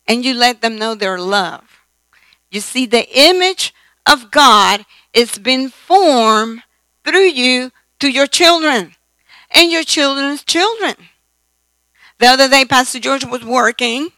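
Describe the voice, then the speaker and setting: Slow, bright-voiced older woman preaching. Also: fairly high pitch, gravelly, no echo, poor audio. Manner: slow, storytelling, repeats phrases for emphasis. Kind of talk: sermon.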